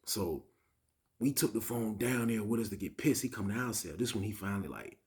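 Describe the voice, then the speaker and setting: A man casually telling a story to his viewers, in heavy slang, acting out what people said with loud bursts and sudden whispers. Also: fairly low pitch, fairly quick. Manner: animated, acts out dialogue with loud bursts and whispers; slangy, frequent "you know what I mean". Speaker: storytime vlogger.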